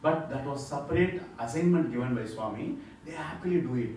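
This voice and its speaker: A man's voice: fairly high pitch, lively intonation, fairly quick, a little mellow, far from the mic, slight background noise. A man gives a devotional talk, telling stories and asking the listeners rhetorical questions. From India. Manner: storytelling with acted quotes, preacher's rhetorical questions. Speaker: spiritual speaker. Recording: echoey hall, mic heard from afar.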